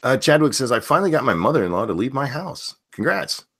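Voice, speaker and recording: A man's voice: mid-range voice, sing-song, fast, fairly bright tone, husky. A man hosting a casual livestream chat, reading viewer comments and giving blunt, swear-laden opinions. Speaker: streamer host reading chat.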